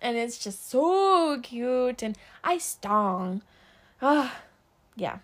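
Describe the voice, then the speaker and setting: A woman's voice: sits high, expressive, slow. A young woman hosting a casual solo podcast, chatting upbeat about her day with a lot of fillers. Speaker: podcast host.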